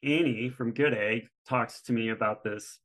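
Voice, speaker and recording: A middle-aged man, a guest on a podcast, telling an animated story in casual conversation and acting out the people he quotes. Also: medium pitch, moderate pace, rough recording. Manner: animated storyteller who acts out quoted exchanges. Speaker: guest, real estate fund manager.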